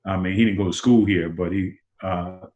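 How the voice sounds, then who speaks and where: A man in his sixties with a low voice tells stories as an interview guest. He acts out other people's lines with sudden leaps in pitch and repeats words as he builds up. The sound carries a roomy echo. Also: fairly even intonation, normal speed, darkish tone, highs cut off. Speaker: interview guest, former basketball player. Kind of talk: animated storytelling.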